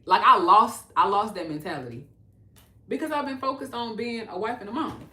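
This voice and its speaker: A woman's voice: lowish voice, moderate pace, bright, forceful tone. A woman in her thirties from Texas, hosting a casual livestream and talking earnestly to her viewers. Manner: earnest, talks to viewers as y'all. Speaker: livestream host.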